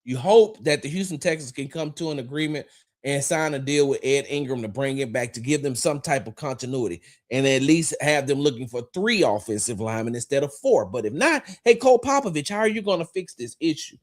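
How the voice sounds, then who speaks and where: A man's voice: medium pitch, a little fast. Fired-up man ranting on a sports stream. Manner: animated, rambling, addresses chat viewers directly; profane, confrontational asides. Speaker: sports talk show host. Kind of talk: livestreamed football commentary.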